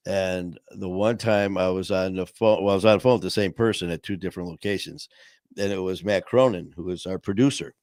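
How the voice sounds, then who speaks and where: A man's voice: sits low, a little mellow, no echo, studio quality. A middle-aged man hosting a podcast, telling stories in casual chat and laughing often. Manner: storytelling, laughs often, acts out voices in anecdotes. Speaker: podcast host.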